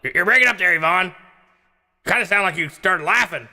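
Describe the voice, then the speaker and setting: A man's voice: high-pitched, fairly quick, bright, forceful tone. A man voicing a blustering Texan talk-show host who rambles with many fillers, in an echoey hall. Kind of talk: comedy sketch role-play.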